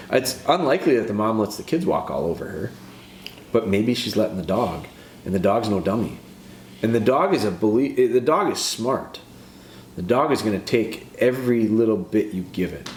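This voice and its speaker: A man with a lowish voice talks through dog training like a casual podcast host, earnest and given to restarting his sentences. He sounds like he is in an echoey room, with a faint hiss of noise behind him. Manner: earnest, repeats and restarts phrases.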